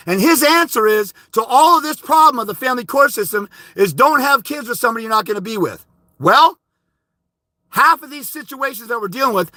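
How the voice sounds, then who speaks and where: Angry shouting man with a bright voice. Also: high-pitched, no echo. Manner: angry, insulting, shouting bursts. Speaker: livestream host answering viewer comments. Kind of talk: angry livestream rant.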